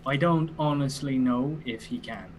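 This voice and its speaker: Man, tabletop player, casual and joking, mid-pitched, faint noise behind. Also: moderate pace. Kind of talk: casual tabletop game chat.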